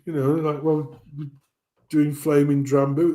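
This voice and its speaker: Lively swearing man telling a story. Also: on the high side, slow pace, long pauses. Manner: animated anecdote telling with swearing and laughter. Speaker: stream co-host. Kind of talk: casual storytelling.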